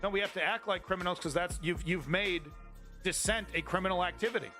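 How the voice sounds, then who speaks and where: A man's voice: high voice, fast talker, pushed and bright, faint music behind. A man hosting a live news stream, ranting about politics to his chat in a heated, profane, rambling way with many restarts. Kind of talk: angry political commentary to chat.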